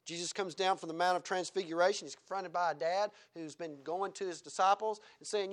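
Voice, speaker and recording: High-voiced man preaching a sermon. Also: steady tone, brisk, few pauses. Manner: swings between loud exhortation and quiet chuckling asides.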